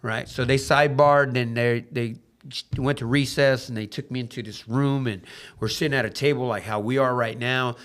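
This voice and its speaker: A man telling his life story as a podcast guest in casual, animated storytelling, swearing freely and acting out the voices of the people in his story. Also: moderate pace. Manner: drops low and quiet on emotional moments.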